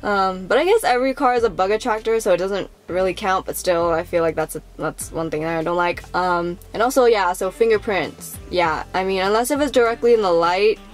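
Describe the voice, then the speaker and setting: A woman's voice: medium pitch, a little fast, few pauses, soft background music. Chatty young woman vlogger. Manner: chatty, rambling, many fillers, acts out people's reactions. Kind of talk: casual chat to camera.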